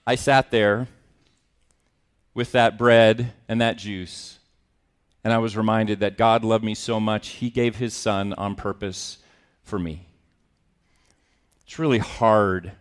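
A middle-aged male pastor preaching a sermon, earnest and emotional, with self-mocking humor. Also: mid-range voice.

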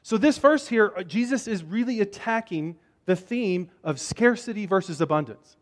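High-voiced man preaching casually. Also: lively intonation, moderate pace. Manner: casual, repeats words and restarts. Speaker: pastor. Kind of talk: conversational sermon.

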